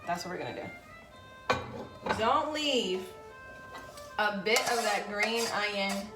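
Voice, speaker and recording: A woman's voice: mid-range voice, expressive, slow pace, echoey room, loud music behind the voice. A woman casually demonstrating a recipe in her home kitchen, chatty and playful, talking straight to her viewers. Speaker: home cooking vlogger.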